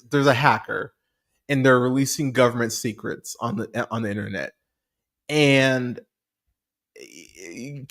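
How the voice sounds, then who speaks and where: A man hosting a movie podcast, rambling through a profane casual review with lots of restarts and fillers. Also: mid-range voice.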